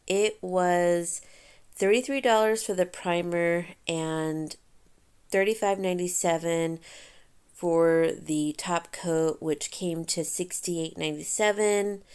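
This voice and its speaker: A woman narrating her home painting job in a casual vlog, rambling with fillers and small laughs, hurried for time. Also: lowish voice, darkish tone. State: hurried, under time pressure. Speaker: DIY vlogger. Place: inside a house, on the stairs and landing.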